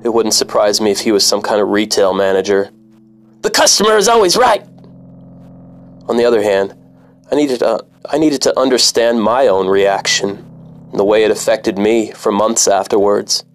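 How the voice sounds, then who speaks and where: A man's voice: fairly low pitch, fairly even intonation, a little fast. A man, a former cab driver, narrating a personal story in a bitter, profane, wry manner.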